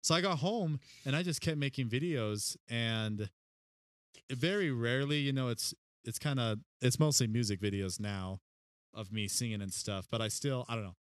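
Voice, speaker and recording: Casting note: easygoing man, mid-pitched, playful podcast guest, dry close mic. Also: no room sound. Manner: laughs often, playful, drops into silly voices. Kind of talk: casual podcast chat.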